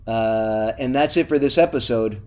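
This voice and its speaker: A man's voice: mid-range voice, normal speed. Middle-aged guy hosting a podcast, upbeat, begging listeners for reviews. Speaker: podcast co-host. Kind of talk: casual podcast sign-off.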